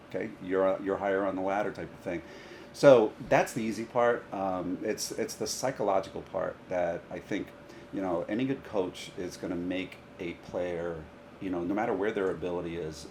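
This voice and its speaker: A man, a high school golf coach, telling stories in a casual podcast chat and often laughing through them. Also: normal speed, a little hiss or hum. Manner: animated, laughs through his own stories.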